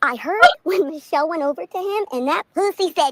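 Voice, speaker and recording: A woman's voice: high voice, fast talker, few pauses, dry recording, rough recording. A woman ranting on a live stream from the back seat of a car, profane and fuming, laughing between lines. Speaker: livestreamer.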